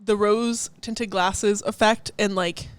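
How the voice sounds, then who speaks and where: A woman's voice: mid-range voice, fairly even intonation, slow pace, smooth, no echo. A woman co-hosting a podcast, chatting casually with lots of giggles and rambling asides. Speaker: podcast co-host. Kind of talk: casual chat.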